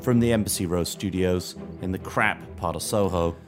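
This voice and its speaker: A man's voice: deep voice, moderate pace, music in the background. Man, dry podcast storyteller. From South London. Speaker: podcast co-host. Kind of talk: comic podcast banter.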